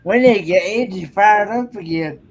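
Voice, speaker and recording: A woman's voice: medium pitch, normal speed. A woman in a casual chat who giggles often between her words.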